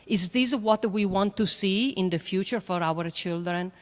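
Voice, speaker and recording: A woman with a French accent, a panelist and astrophysicist, speaking earnestly and emphatically with many halting fillers in a panel discussion. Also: medium pitch. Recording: long hall reverb.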